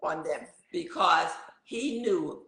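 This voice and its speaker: A middle-aged woman tells her stories in a lively, animated way, acting out the people she quotes. Her voice is bright and forceful, and the room around her echoes. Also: on the low side, takes it slowly. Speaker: guest sharing birth stories. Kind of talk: casual conversation.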